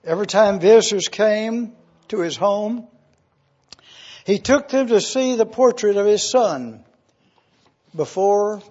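Slow, husky-voiced man preaching. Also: sits high, darkish tone, highs cut off. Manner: slow, earnest storytelling, acting out voices in the story. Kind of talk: sermon illustration told as a story.

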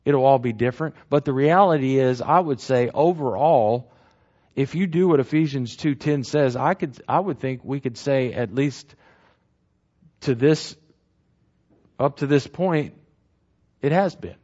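A man's voice: medium pitch, a little slow, pauses often, darkish tone. A man teaching the Bible verse by verse in a conversational way. He repeats key phrases and keeps asking "right?". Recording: dull lo-fi recording.

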